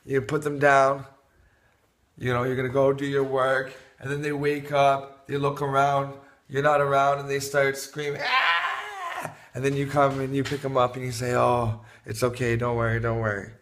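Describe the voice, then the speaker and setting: A man's voice: medium pitch, normal speed. Laid-back man giving parenting tips. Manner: relaxed, rambling, many fillers and restarts. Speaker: parenting vlogger. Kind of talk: casual advice talk to camera.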